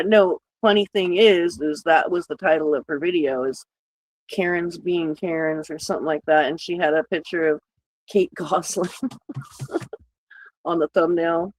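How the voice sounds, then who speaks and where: A woman's voice: lowish voice, darkish tone, a little hiss or hum, rough recording. Sarcastic woman livestreamer chatting casually. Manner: sarcastic, laughs at own jokes; greets chat viewers by name.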